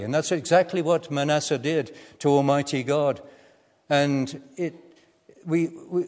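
An older man preaching a sermon, telling a personal story in a measured way with gentle humour. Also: on the high side. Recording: echoey hall.

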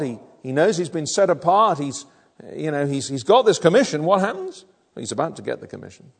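A man's voice: mid-range voice, vocal fry, darkish tone. A man preaching a sermon, explaining a passage in an earnest way, often restarting his sentences. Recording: long reverb of a hall.

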